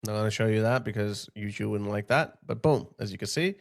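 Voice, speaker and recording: A man's voice: lowish voice, fairly quick, gravelly. A man hosting a video, giving indignant reaction commentary on clips, with laughing asides. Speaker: YouTube commentator host.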